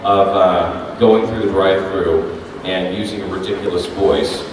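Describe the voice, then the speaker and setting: A man's voice: deep voice, unhurried. Man at a con panel laughing n telling stories, echoey big hall, noisy, mic far. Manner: animated, laughing, storytelling, swears casually. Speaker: voice actor, panel guest. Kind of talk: convention panel Q&A.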